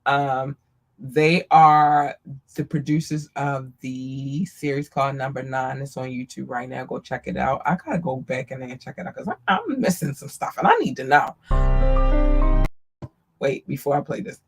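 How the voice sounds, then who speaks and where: A woman hosting a live podcast, casually giving affectionate shout-outs to listeners and often squealing her greetings. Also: extremely low pitch, normal speed, vocal fry, faint music behind. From Maryland, US. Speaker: podcast host.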